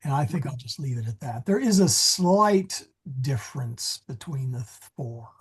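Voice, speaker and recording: A man's voice: mid-range voice, animated, a little slow. A man teaching a Latin grammar class, talking in a digressive way and often correcting himself. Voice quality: very husky. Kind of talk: classroom lesson. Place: church meeting room.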